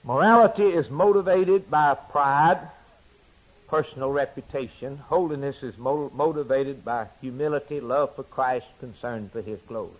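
A man preaching a sermon, swinging between loud emphatic declarations and hushed, quiet asides. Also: medium pitch, normal speed, low-quality recording.

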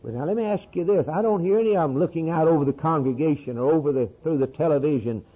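A man preaching a fervent sermon, dropping to low murmurs and rising to impassioned cries. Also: quick pace, breathy edge, narrow, tinny audio.

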